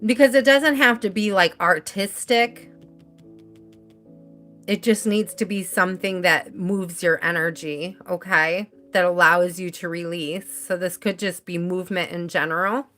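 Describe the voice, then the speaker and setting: Bright-voiced chatty woman tarot reader. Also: on the low side, fairly even intonation, measured pace, faint music behind. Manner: chatty, rambling, laughs easily. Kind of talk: live tarot reading.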